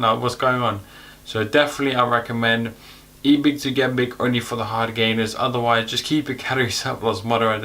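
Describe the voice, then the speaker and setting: A young man giving casual fitness advice to the camera in an energetic, chatty way, a little out of breath. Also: medium pitch. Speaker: fitness youtuber.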